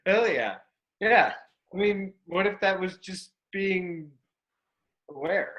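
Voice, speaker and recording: A man's voice: high voice, slow, fairly bright tone, dull audio. A man facilitating a live workshop class in a room, loose and playful, breaking into whoops. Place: room with an audience.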